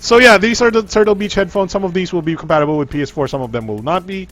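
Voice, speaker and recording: A man's voice: sits high, quick pace, a bit bright, faint music behind. A man hosting a casual tech livestream, rambling with frequent ums, restarts and trailing-off sentences.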